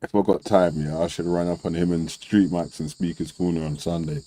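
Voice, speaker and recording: A young man talks in loose street slang on a debate panel. His low voice is mellow and dark, and he laughs often and slips into quick impressions of people. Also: steady tone, poor audio. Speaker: debate show host. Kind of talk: casual panel chat.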